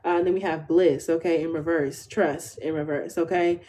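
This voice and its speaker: Speaking at a normal pace with fairly even intonation, this woman has a low, mellow voice, and a little hiss or hum runs under it. She's in her twenties and doing a chatty live tarot reading, informal and slangy, with "okay?" after nearly every phrase.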